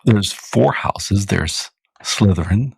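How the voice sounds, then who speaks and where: American podcast host, very deep and gravelly, loose rambling talker. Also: male voice, lively intonation, slow pace, dry recording. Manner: rambling, self-correcting, laughs at own jokes. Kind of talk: casual chat.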